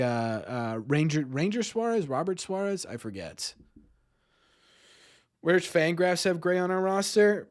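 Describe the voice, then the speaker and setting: A man's voice: fairly high pitch, a little mellow. A man hosting a live-streamed sports talk show, rambling, repeating words and ending many lines with "right?". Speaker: podcast host.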